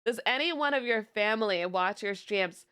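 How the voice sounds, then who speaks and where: A young woman VTuber chatting casually on stream, telling stories in an animated, giggly way and sounding tired. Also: medium pitch, normal speed, clear, resonant tone.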